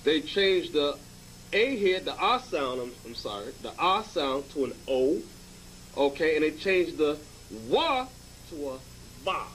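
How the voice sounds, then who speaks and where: A man's voice: on the high side, animated, measured pace, a bit bright, slight background noise, rough recording. A man giving informal Bible teaching, emphatic and repetitive, often checking with "okay?". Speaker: religious teacher.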